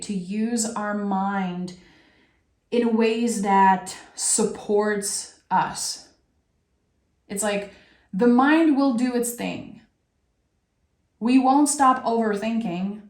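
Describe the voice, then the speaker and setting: Woman, tarot reader, slow unhurried delivery, heartfelt and earnest, echoey room. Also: mid-range voice, darkish tone. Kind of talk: spiritual tarot reading. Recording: roomy echo.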